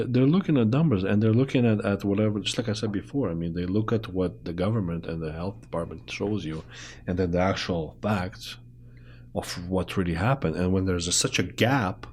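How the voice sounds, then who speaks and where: A chatty male talk show host with a noticeable foreign accent. His voice sits fairly low, and he bounces from topic to topic with lively energy. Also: slightly rough. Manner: chatty, animated, jumps between topics. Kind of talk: casual interview chat.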